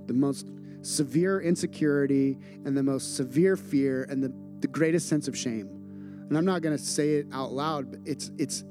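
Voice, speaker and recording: Earnest male pastor over soft music. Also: on the high side, no echo. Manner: earnest, repeats phrases for emphasis. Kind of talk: sermon. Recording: music playing underneath.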